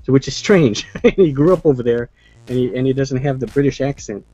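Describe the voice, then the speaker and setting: A man's voice: medium pitch, a little fast, warm tone. A man hosting a casual movie chat who rambles, restarts his sentences and leans on fillers. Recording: muffled lo-fi sound with faint music.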